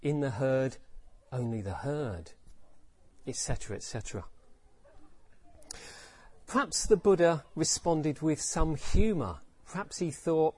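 A man's voice: a little high, unhurried, a little mellow, breathy edge. A man giving a reflective dharma talk as teacher, repeating phrases and asking rhetorical questions.

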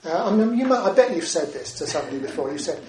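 This dharma talk comes from a man with a high-pitched, darkish voice that swings widely in pitch at a quick pace. A Buddhist teacher, he keeps things conversational and frequently caps his points with "isn't it?" and similar questions, recorded on a distant mic with roomy echo and faint ambience.

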